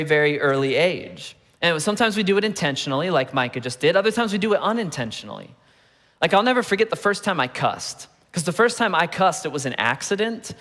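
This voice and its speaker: A man in his thirties delivers a sermon as a storyteller, his fairly high voice slipping into quick character voices for the people he quotes. The sound carries a long, hanging reverb from a large church hall. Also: fairly bright tone. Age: 30s. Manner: storytelling with playful asides, acting out quoted voices. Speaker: pastor.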